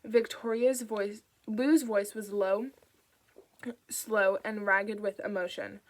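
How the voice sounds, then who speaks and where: A woman's voice: mid-range voice, level tone, slow, rough recording. Woman narrating an audiobook.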